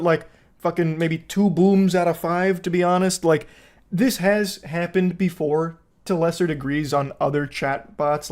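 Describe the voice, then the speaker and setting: A young man giving casual, deadpan and sarcastic commentary as a host, swearing freely. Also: high-pitched.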